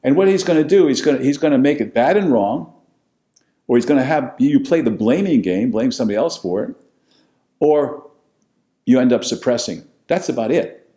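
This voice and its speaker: Older American man, storyteller and host, lively pitch, mellow tone, blunt and salty. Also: normal speed. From United States. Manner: animated, blunt, profane, swings from loud to low. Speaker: podcast host telling his life story. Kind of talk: casual storytelling monologue.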